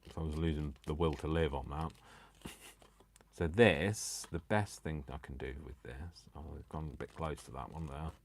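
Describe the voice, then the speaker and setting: This crafting channel host has a very deep voice and speaks at normal speed over a little background hiss or hum. During a live stream he cuts paper, chatting casually in a self-mocking way and joking with himself and his audience.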